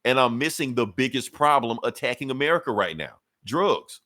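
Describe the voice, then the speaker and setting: A man talks through a comic book plot for his podcast co-host, animated and loose, jumping into the characters' voices as he tells it. His voice sits in an ordinary middle range. The sound is close and dry, with no room around it. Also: mid-range voice, moderate pace, no echo. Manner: animated storytelling, acts out characters' lines; swears casually and laughs often. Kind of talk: casual comic recap chat.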